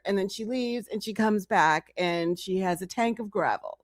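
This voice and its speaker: A woman's voice: medium pitch, normal speed, hardly any pauses, no room sound, clean studio sound. A woman streamer giving reaction commentary on a clip, incredulous and teasing as she talks back to it.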